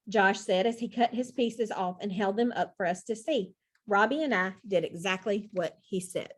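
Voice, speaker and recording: A woman narrating a children's storybook in the first person, with an expressive reading style. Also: medium pitch, normal speed.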